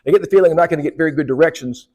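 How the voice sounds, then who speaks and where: In a conference hall, a keynote speaker gives a humorous talk, joking with and teasing the audience. His voice is on the high side and a little mellow, and he delivers it rapid-fire.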